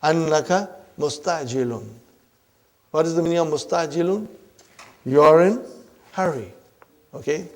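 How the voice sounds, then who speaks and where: A man lectures on Arabic grammar at an unhurried pace, his voice pitched somewhat high. He repeats each point and keeps asking whether the class is following. He addresses the listeners as brothers and sisters. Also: a little mellow. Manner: repeats points, checks in often with "huh?" and "are you with me".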